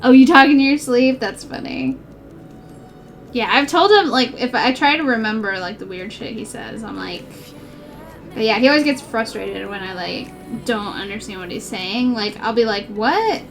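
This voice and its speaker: A woman's voice: fairly high pitch, moderate pace, faint music behind. A woman streamer chatting casually while she cross-stitches. She rambles, giggles often and says "like" a lot. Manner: giggly, rambling, heavy use of "like".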